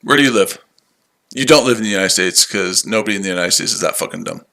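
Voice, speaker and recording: A man's voice: fairly low pitch, fast, creaky, sharp tone. A tired man hosting a live trading stream, answering chat in a sarcastic, combative way and repeating himself. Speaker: trading livestream host.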